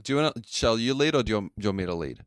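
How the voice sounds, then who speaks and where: A man's voice: on the low side, animated, very fast, no room sound, clean studio sound. A man co-hosting a podcast in casual, comedic chat, joking and swearing freely. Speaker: podcast co-host.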